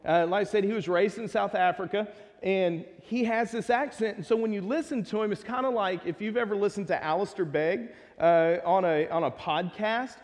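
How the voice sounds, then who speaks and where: High-voiced Texan pastor, joking, in a hall. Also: male voice, normal speed. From Texas. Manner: conversational and joking, with asides to the congregation. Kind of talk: casual sermon. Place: church sanctuary. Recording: long hall reverb.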